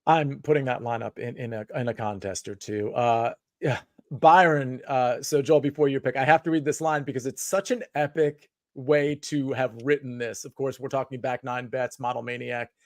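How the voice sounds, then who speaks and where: A man's voice: mid-range voice, steady tone, normal speed, darkish tone, no room sound, clean studio sound. A man hosting a casual live sports chat, rambling with many filler words and restarts. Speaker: podcast host.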